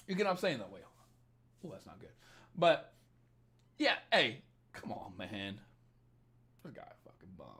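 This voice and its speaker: A young man hosting a casual livestream, reading viewer comments and giving dating advice in a profane, joking, animated way. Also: mid-range voice. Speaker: dating coach livestream host.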